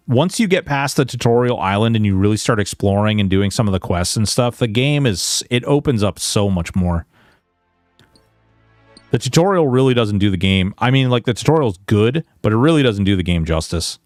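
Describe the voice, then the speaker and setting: A man's voice: mid-range voice, no room sound, studio quality. A Canadian man streaming a video game, chatting in a rambling, casual way and swearing now and then. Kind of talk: casual gaming stream chat.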